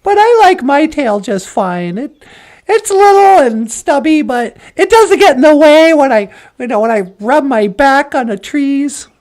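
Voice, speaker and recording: A woman's voice: high-pitched, animated, measured pace, a little mellow. A woman voicing a good-natured, patient bear in a told folk tale, mild and unbothered. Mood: easygoing.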